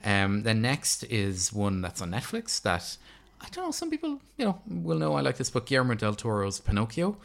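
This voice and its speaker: A man's voice: medium pitch, huge pitch swings, normal speed, creaky, hardly any pauses. A man in his thirties co-hosting a casual film podcast, rambling and chatty with lots of fillers and restarts. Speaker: podcast co-host. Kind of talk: casual film review chat.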